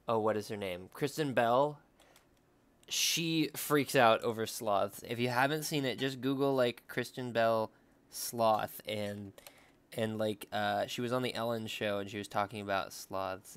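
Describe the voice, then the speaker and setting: A man's voice: lowish voice, smooth, no room sound. A young man chatting casually and thinking aloud as he draws for his vlog. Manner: relaxed, rambling, thinking aloud. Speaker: drawing vlogger. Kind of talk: casual chat while drawing.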